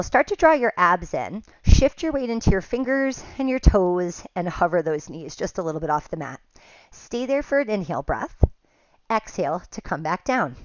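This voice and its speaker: A woman teaching a pilates class, giving calm step-by-step cues and counts, a little out of breath at times. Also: lowish voice, dry recording, dull audio. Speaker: pilates instructor. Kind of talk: guided exercise class cues.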